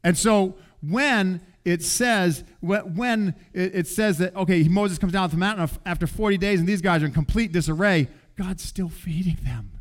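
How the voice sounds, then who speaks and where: A middle-aged man preaching a sermon in a conversational, animated way, acting out the people in the story. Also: high-pitched, moderate pace, few pauses. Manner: conversational, animated, acts out quoted voices. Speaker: pastor.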